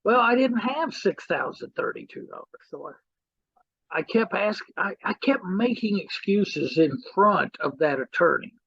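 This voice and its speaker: Gravelly high-voiced man telling a story. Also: lively intonation, a little slow, fairly bright tone, no room sound, muffled recording. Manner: storyteller who acts out quoted people, repeating "he goes". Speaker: real estate mentor. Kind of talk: anecdotal teaching talk.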